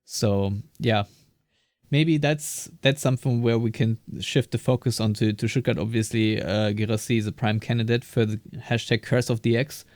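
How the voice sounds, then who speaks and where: A man's voice: medium pitch, fairly even intonation, moderate pace, a little mellow, no room sound. A man co-hosting a podcast in casual discussion, talking hesitantly with many fillers and restarts. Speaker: podcast co-host.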